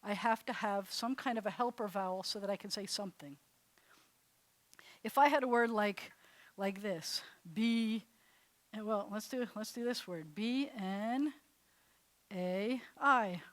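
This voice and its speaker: A woman rabbi teaching a live class, chatty and animated, laughing at herself as she demonstrates sounds. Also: medium pitch, a little slow, long pauses, no room sound. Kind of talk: classroom lesson. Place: congregation classroom.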